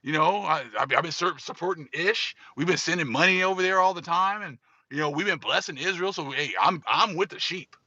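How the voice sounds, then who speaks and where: A man's voice: on the high side, brisk, few pauses, pushed and bright, no room sound, dull audio, exaggerated voice. A man putting on a smug proud churchgoer. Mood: pleading. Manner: boastful, sputtering.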